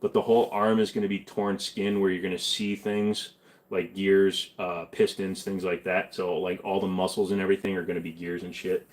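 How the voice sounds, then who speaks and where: A young man hosts a casual live stream, reading out comments and firing back bluntly, with a lot of swearing. His voice sits a little low for a man. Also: level tone, moderate pace. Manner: blunt, profane, wisecracking.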